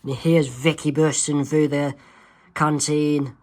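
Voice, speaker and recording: Man haltingly reading his comic aloud. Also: fairly high pitch, flat delivery, fairly bright tone. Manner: halting, with fillers and self-corrections. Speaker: amateur comic artist, channel host.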